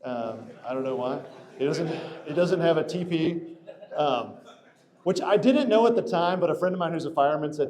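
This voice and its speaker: A man's voice: on the high side, animated, fairly quick, a crowd in the background. A man telling a long personal story in a casual, rambling way, full of restarts and fillers. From Atlanta area.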